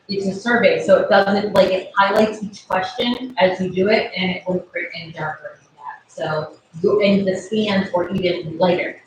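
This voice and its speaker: A woman on a town planning commission talking through a survey in a halting way, with many fillers and restarts. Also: mid-range voice. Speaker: planning and zoning commission member. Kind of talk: casual meeting discussion. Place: town meeting room. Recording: very echoey room, distant mic, faint noise.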